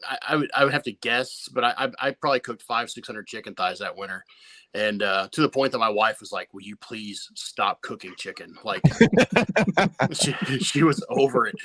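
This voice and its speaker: Bright, laid-back pitmaster man telling stories. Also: mid-range voice, dry recording. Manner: laid-back, swears freely, many restarts. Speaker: competition barbecue pitmaster, podcast guest. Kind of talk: casual storytelling interview.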